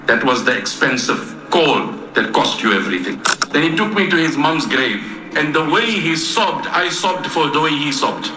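A man's voice: on the high side, animated, normal speed, reverberant, noisy background. A man telling an emotional story in a recorded religious talk.

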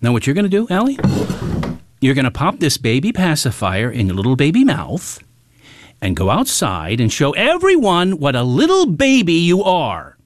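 A man's voice: a little high, wildly swooping pitch, moderate pace, background noise. A sneering, drill-sergeant stepfather. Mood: menacing. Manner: barking, sneering commands. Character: cruel controlling stepfather, military manner. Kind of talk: radio drama acting.

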